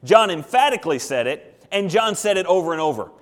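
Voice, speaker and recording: A man's voice: sits high, expressive, a little fast. A male pastor preaching an emphatic sermon, asking questions and acting out quotes. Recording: long hall reverb.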